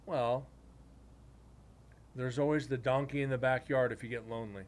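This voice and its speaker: A man telling a story from one of his paranormal investigations to his live chat, rambling and casual. His pitch sits in the everyday middle for a man, and he drifts into crude jokes aimed at the viewers. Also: steady tone, moderate pace.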